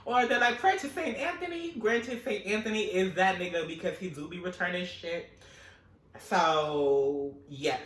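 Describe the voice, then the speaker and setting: A man spinning a wild story in a casual vlog, animated and profane. His voice is bright and slightly high, with a roomy echo as if he sits back from the mic. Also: distant mic. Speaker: storytelling host.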